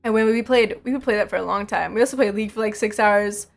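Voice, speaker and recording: A woman's voice: mid-range voice, fast, gravelly, soft background music. A young woman streaming, chatting casually with her viewers, laughing often and repeating herself.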